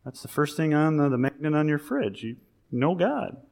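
A male pastor giving a sermon, talking in a conversational, animated way that rises into emphasis. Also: a little high, moderate pace, gravelly. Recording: long reverb of a large hall.

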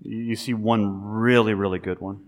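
A male pastor giving a sermon, talking in a conversational, animated way that rises into emphasis. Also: lowish voice, normal speed. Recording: long reverb of a large hall.

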